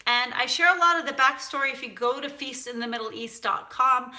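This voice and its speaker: A woman from San Francisco hosts a cooking show, chatting casually in a live stream as she reads viewer comments, animated and full of fillers. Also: high-pitched, brisk. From United States (San Francisco).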